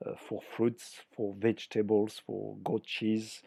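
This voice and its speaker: A man's voice: fairly low pitch, little pitch movement, vocal fry, mellow, husky. An older man from France with a French accent, a chef talking as a guest in a podcast interview, hesitating often with fillers and restarts. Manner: halting, many fillers and restarts.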